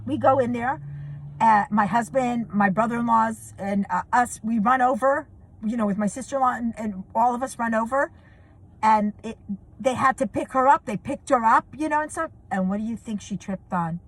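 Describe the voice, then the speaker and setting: Husky high-voiced woman telling a story. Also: normal speed. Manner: animated, laughing, voice rising high with excitement. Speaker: vlogger telling a family story. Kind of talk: casual storytelling.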